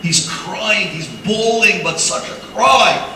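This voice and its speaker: A man speaking as a rabbi at a community dinner, telling a moving story in an animated, emotional way. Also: high voice, slow, gravelly. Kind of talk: sermon-like storytelling. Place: large event hall. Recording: echoey hall, from far off, background noise.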